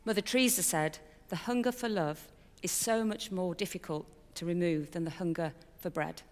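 A middle-aged woman shares a personal testimony in a lowish voice at normal speed, her words echoing as if in a big room. She tells her story candidly and chattily, with fillers and a bit of self-mockery.

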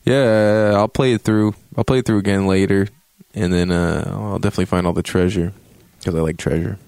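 Gravelly low-voiced man reviewing a game. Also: fairly even intonation, a little fast, a little mellow, dry recording. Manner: profane, joking, acts out reactions in a high yelp. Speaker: game reviewer, show host. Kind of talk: casual profane game review monologue.

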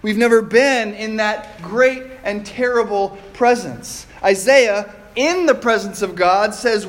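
A man preaching a sermon as pastor, measured and deliberate, often posing rhetorical questions to the congregation. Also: sits high.

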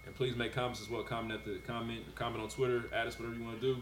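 A man's voice: medium pitch, little pitch movement, echoey room. Male co-host, plugs and spelling, loose banter, group chatter behind. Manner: spells things out slowly, laughs at his own slips. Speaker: podcast co-host reading announcements. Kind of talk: casual banter. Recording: others chatting in the background.

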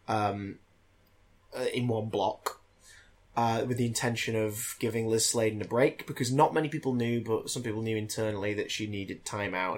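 A man in casual podcast chat as co-host, talking animatedly with many fillers. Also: lowish voice.

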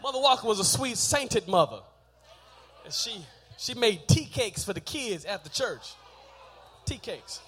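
A middle-aged man from Texas with a Texan accent preaching a sermon in a church, calling on the congregation to respond and building up to shouted climaxes. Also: high voice, expressive, measured pace. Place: church sanctuary.

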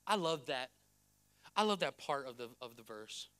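A man pastor delivering a sermon in church, blunt and emphatic, swinging between soft passages and loud ones. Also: mid-range voice, animated, moderate pace, clear, resonant tone. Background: faint music.

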